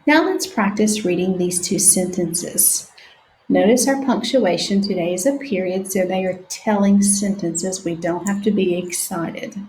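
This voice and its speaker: A woman teaching a phonics lesson to young children, sounding out words slowly letter by letter. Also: fairly low pitch, a little mellow, slight background noise. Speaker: reading teacher. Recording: echoey room.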